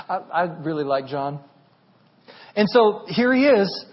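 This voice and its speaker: Animated high-voiced male preacher. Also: unhurried, lo-fi sound. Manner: animated, rising to near shouting at peaks. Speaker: pastor. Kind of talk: sermon.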